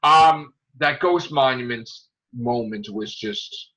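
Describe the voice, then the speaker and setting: A man hosting a casual podcast chat, animated and acting out scenes with loud outbursts. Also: mid-range voice, slow pace, dull audio. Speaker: podcast host.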